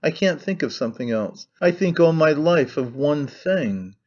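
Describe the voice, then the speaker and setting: Male reader doing an obsessed brooding young man, earnest, halting, slightly high voice, muffled lo-fi audio. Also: expressive, darkish tone, natural voice. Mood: troubled. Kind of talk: audiobook character reading.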